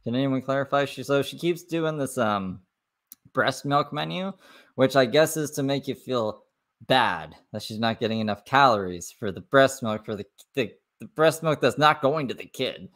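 A man's voice: medium pitch, lively intonation, moderate pace, fairly bright tone. A man hosting a livestream, reacting to clips with sarcastic, profane, mocking commentary. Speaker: commentary streamer.

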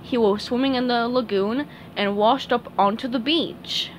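A woman reading a children's picture book aloud, expressive and clear. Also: a little high, a little slow, slight background noise. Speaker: storybook reader.

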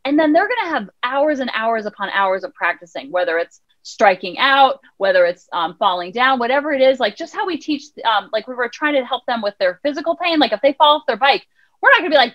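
Animated woman guest on a podcast, high and quick, on a dull lo-fi recording. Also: no echo. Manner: animated, acts out quotes in voices. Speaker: child counselor and life coach guest. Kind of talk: podcast interview conversation.

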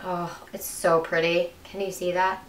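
A woman's voice: on the low side, level tone, measured pace. A young woman beauty vlogger chatting through an unboxing, gushing and gasping with breathless enthusiasm. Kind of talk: excited unboxing chat. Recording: echoey room, mic at a distance, faint hiss.

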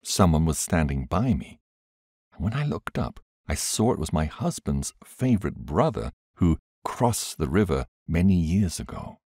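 Very deep-voiced man reading an audiobook. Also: very animated, unhurried, a little mellow, slightly rough, no room sound, clean studio sound. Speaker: audiobook reader. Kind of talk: scripted audiobook narration.

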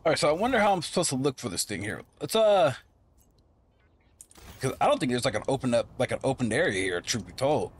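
A man's voice: mid-range voice, sing-song, fast, husky. A man commentating casually over a game he is playing, rambling and thinking aloud. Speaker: gameplay streamer.

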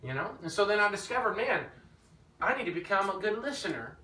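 A man preaching an informal teaching sermon, telling his own story in an animated way that rises when he gets emphatic. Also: sits high, fairly quick. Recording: echoey room, mic at a distance, faint background noise.

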